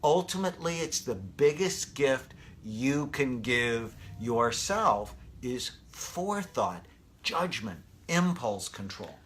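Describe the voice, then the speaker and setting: Middle-aged male co-host, clear bright voice, calm explainer. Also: medium pitch, takes it slowly. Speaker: podcast co-host, brain doctor. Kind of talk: casual explanatory chat.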